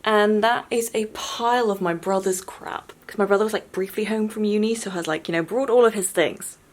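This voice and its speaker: A woman's voice: mid-range voice, brisk. A young woman in her twenties vlogging casually to camera, frank and sweary, venting with self-mocking humour. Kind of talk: casual vlog chat to camera.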